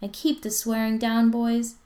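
A woman voicing a stern but jokey mother who calls out loudly across the house. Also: a little high, completely flat delivery, unhurried, echoey room, pitched above the performer's own voice, natural voice. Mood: scolding. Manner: loud, scolding, calling out.

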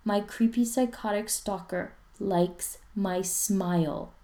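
A woman's voice: mid-range voice, slow pace, mellow, natural voice. A woman voicing a blunt, irritable teenage boy who swears and snaps at his friend.

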